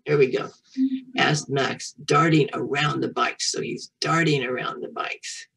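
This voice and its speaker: A woman's voice: extremely low pitch, steady tone, a little slow, vocal fry, fairly bright tone, husky, distant mic, low-quality recording. A woman reading a picture book aloud to a young child, patiently repeating French words and encouraging the child to say them back. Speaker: children's storyteller and French teacher.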